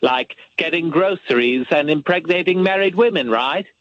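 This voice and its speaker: A man's voice: a little high, moderate pace, fairly bright tone, dry recording, lightly acted. A man doing an impression of a crude, smug male TV judge, trading vulgar taunts, heard in a dull lo-fi radio clip. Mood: snide mocking. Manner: snide, boastful, vulgar taunts.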